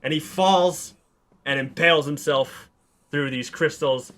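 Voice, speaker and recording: A man hosting a podcast, excitedly retelling a story pitch in casual, swearing chat. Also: slow pace. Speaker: podcast host.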